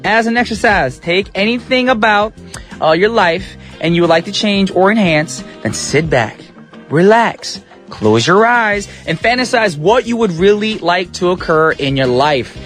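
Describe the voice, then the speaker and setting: Chatty radio dj guy, slangy and upbeat, kinda high voice, soft music bed behind him. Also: animated, a little slow. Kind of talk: radio show hosting. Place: radio studio. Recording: radio broadcast with faint music beds.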